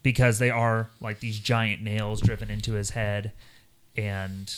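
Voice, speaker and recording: A man co-hosting a podcast, talking in a rambling, animated way and putting on voices when he quotes people. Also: fairly low pitch, measured pace, clean tone. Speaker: podcast co-host. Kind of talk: casual chat.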